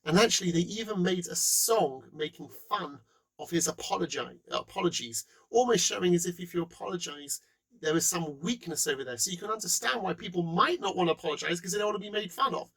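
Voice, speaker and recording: Animated man with a gravelly voice. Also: high-pitched, brisk, low-quality recording. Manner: animated, acts out quotes, laughs. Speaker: speaker. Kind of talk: presentation talk.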